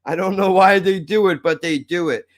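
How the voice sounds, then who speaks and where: A man's voice: sits high, moderate pace. A man hosting a podcast, rambling and joking with heavy swearing. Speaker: podcast host. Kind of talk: casual podcast banter.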